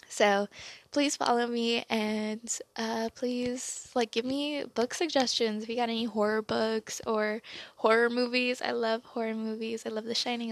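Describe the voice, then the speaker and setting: A woman's voice: a little high, no room sound. A young woman hosting a casual solo podcast, rambling and chatty with lots of fillers and restarts. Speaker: podcast host.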